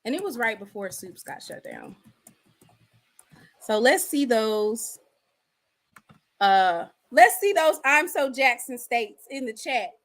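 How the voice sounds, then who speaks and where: A woman's voice: on the high side, sing-song, slow, pauses often. A woman, hosting a casual livestream and talking straight to the people in the chat. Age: 30s. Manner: chatty, addresses the chat directly. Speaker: livestream host.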